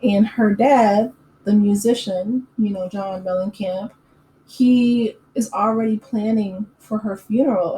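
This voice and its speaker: A woman talks through a reality show recap in a loose, opinionated way, filling pauses with fillers and breaking into quick laughs. Her voice sits at an ordinary middle pitch. She is recorded in an echoey room with a faint hum of ambient noise behind her. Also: mellow. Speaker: YouTube recap host.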